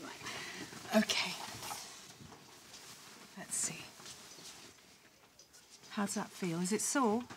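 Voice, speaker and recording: A woman's voice: mid-range voice, drawn-out words, long pauses, a little hiss or hum. A woman playing a friendly, caring hospital nurse in a children's live-action TV drama. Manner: gentle, encouraging.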